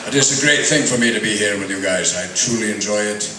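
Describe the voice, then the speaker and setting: A man doing a live stand-up routine before troops, swinging from manic shouting to hushed mumbling. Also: lowish voice, fast talker, heavy background noise. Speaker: stand-up comedian. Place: outdoor military base stage before troops. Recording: distant echoey crowd recording. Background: loud cheering crowd.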